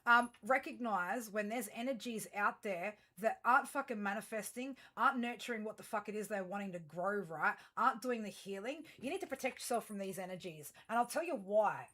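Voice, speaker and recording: A woman at a middle pitch delivers a tarot reading straight to her audience. She circles around her points with fillers and restarts. Then she lands them bluntly and emphatically, peppered with swearing. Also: lively intonation, fairly quick, hardly any pauses, a bit bright. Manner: rambling with many fillers and restarts. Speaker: tarot reader. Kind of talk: astrology tarot reading addressed to viewers.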